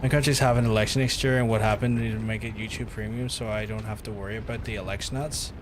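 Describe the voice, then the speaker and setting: A man's voice: on the low side, steady tone, fast talker, noisy background. Sweary Northern Irish man streaming games. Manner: rambling, sweary, many filler likes. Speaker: game streamer. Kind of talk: casual live-stream gameplay chatter. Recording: game music playing under voice.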